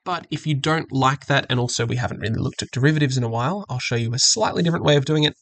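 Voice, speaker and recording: A man's voice: mid-range voice, rapid-fire, a bit bright, dry recording. A man teaching maths, walking through an exam question patiently and methodically and correcting himself as he goes. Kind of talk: screen-recorded exam walkthrough.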